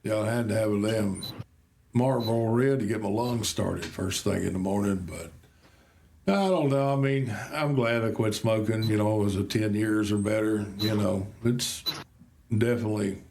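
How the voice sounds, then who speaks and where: A man chatting casually on a podcast, relaxed and plain-spoken. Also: lowish voice, moderate pace, slight background noise. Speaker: podcast host. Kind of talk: casual chat.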